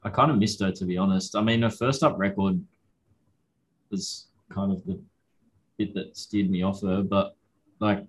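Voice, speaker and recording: A young Australian man, a university student, co-hosting a racing podcast in a relaxed, dryly joking way. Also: low-pitched, rough recording. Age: young adult. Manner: relaxed, dry humour, hedging. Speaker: podcast co-host. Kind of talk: casual chat.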